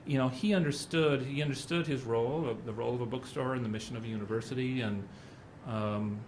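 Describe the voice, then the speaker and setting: A man's voice: medium pitch, fairly even intonation, brisk, a little mellow, a little hiss or hum. A middle-aged man speaking at a symposium, telling anecdotes in a loose, conversational way. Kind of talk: conference talk.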